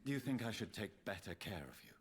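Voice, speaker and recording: An actor playing a grieving young vampire doctor speaking gently and sadly to his mother, with an English accent. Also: lowish voice, lively intonation, quick pace, very noisy, close to an everyday voice. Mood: sorrowful. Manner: subdued, mournful, restrained. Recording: game audio under music.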